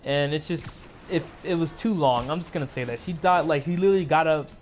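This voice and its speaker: A man with a slightly high voice talks through a movie he just saw, casual and excitable. He rambles and restarts his sentences, leaning on fillers as he goes. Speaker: YouTuber.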